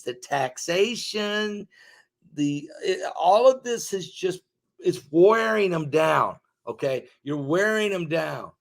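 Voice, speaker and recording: A middle-aged American man giving an emphatic monologue, piling up repeated lists and swinging from loud peaks to quiet asides. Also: sits high. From United States. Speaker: online preacher and commentator. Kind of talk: emphatic direct-to-camera monologue.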